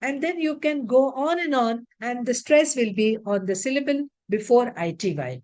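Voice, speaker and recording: A woman teaching English word stress in an online lecture, reading word lists aloud slowly and deliberately. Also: fairly high pitch, animated, darkish tone. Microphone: video call.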